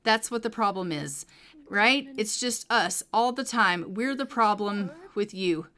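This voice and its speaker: A woman's voice: a little high, steady tone, takes it slowly. A woman voicing a young boy who pesters and accuses his mother in a life-simulation game story. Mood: accusing. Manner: accusing, needling.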